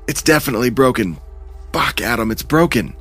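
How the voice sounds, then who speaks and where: A man's voice: mid-range voice, lively intonation, a little fast, fairly bright tone, slightly rough, faint music behind, voice pushed up. A man narrating a horror story, voicing an injured young man who talks in a strained, pained way.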